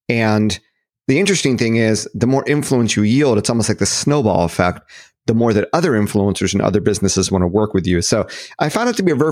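A man's voice: on the low side, no echo, clean studio sound. A man as a podcast guest, upbeat and explaining at length in a casual interview. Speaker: podcast guest, marketing educator.

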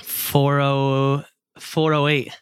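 A man's voice: medium pitch, monotone, drawn-out words, clear, resonant tone, no echo, clean studio sound. A man joining a casual group podcast from a hotel room, asking curious questions and reacting with surprise. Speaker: podcast co-host.

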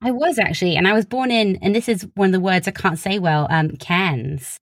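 A woman's voice: mid-range voice, brisk, no room sound, clean studio sound. A young woman from Wiltshire with a southern English accent, chatting in an interview, laughing often and using plenty of "like". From Wiltshire, England. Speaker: interviewee, social media creator. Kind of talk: casual interview chat.

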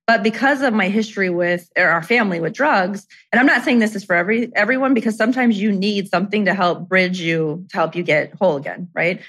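A woman's voice: mid-range voice, quick pace, few pauses, a bit bright, husky. Chatty middle-aged woman telling stories. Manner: chatty, peppered with "like" and "you know, right?". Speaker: guest. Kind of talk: casual conversational storytelling.

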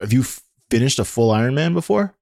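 A man's voice: medium pitch, fast talker, vocal fry. Enthusiastic male podcast host. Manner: energetic, enthusiastic, filler "like". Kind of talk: casual interview hosting.

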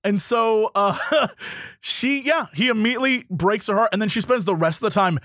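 A man's voice: sits high, moderate pace, fairly bright tone, no echo, studio quality. A man co-hosting a casual chat, telling a story animatedly and laughing often. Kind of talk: casual chat recapping a reality show.

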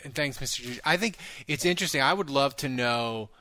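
A man hosting a casual sports talk show, animated and quick with asides, often repeating words as he thinks. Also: mid-range voice, slight background noise. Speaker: podcast host.

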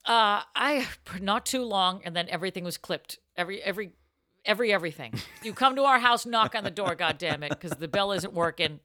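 A woman chatting on a casual podcast, her voice bright and ringing, swinging freely up and down as she talks. She tells stories playfully, laughs a lot and swears without a second thought. The sound is close and dry, with no room around it. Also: medium pitch, lively intonation, fairly quick, dry recording. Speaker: podcast co-host.

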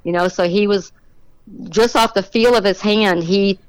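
A middle-aged woman being interviewed on a podcast, telling an animated story about her racing and acting out the voices of the people in it. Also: mid-range voice, measured pace, clear, resonant tone, dry recording, poor audio. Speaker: drag racing motorcycle rider, guest.

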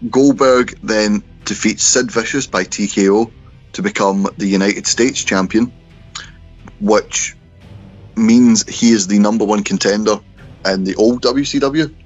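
Male podcast co-host, low and wry, muffled call audio. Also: a little slow, faint music behind. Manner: wry storyteller running through events. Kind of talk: casual chat and recap. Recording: dull, lo-fi remote call.

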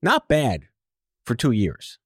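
A man hosting an interview show, asking questions with teasing jokes and quick asides. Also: mid-range voice, wildly swooping pitch, husky, no room sound, studio quality. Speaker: podcast host. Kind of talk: casual interview chat.

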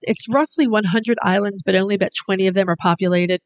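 A woman's voice: mid-range voice, steady tone, quick pace. Woman, podcast co-host, casual chat, explains at length, informative.

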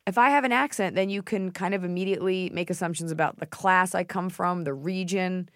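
A woman's voice: fairly low pitch, a little fast, a bit bright, dry recording, clean studio sound. Blunt, joking American woman podcaster. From United States. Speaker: podcast co-host. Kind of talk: casual chat.

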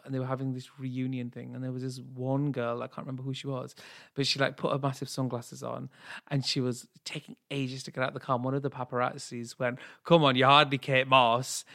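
Gravelly-voiced English man. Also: mid-range voice, a bit bright. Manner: chatty, playful, storytelling. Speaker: podcast co-host, drag performer. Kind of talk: casual chat.

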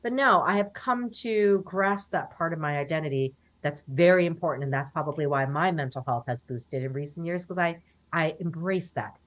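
An American woman in her forties, a guest in a casual interview, chats animatedly and acts out what other people said. Her voice is low-pitched and her pace moderate.

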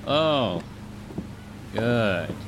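A man's voice: lowish voice, sing-song, extremely slow, background noise, heavily acted. A man doing a wry undercover agent. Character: dry, cool male undercover agent.

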